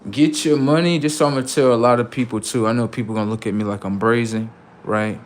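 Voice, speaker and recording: Young guy livestreaming, slangy, gets loud then drops to mutters, talks right at chat. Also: mid-range voice, quick pace, slight background noise. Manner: animated, swings from loud outbursts to quiet asides; slangy, addresses viewers directly. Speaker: livestream host. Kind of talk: casual livestream monologue.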